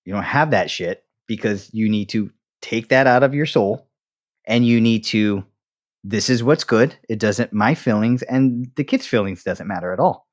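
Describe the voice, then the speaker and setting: A man co-hosting a casual podcast conversation, blunt and wry and quick to laugh. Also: lowish voice. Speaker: podcast co-host.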